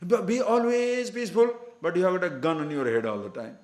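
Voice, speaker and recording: A man's voice: high-pitched, brisk, a little mellow, echoey room. A man giving a scripture discourse to a class as a spiritual teacher, emphatic and full of rhetorical questions.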